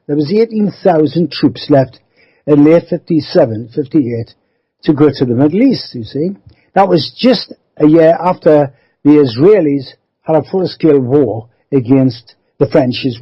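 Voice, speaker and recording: A man's voice: on the high side, breathy edge, lo-fi sound. A man, rambling through a life story as a radio interview guest, often adding 'you see'. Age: 70s.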